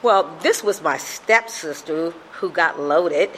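A woman's voice: low-pitched, slow, slight background noise, rough recording. A middle-aged woman sharing a personal recovery testimony in an earnest storytelling manner, acting out the voices she quotes.

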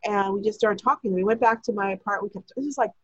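A woman recounts a long personal story in a rambling, breathless way, slipping into the voices of the people she quotes. Her voice is husky, and the recording is dry and a little dull, with no room sound. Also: medium pitch, fast, fairly bright tone, dry recording. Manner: chatty, breathless retelling with quoted dialogue. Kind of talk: casual storytelling.

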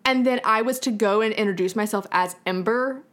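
A woman's voice: a little high, fairly quick, fairly bright tone. A young woman co-hosting a podcast in casual chat, frank and opinionated, swearing freely. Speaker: podcast co-host.

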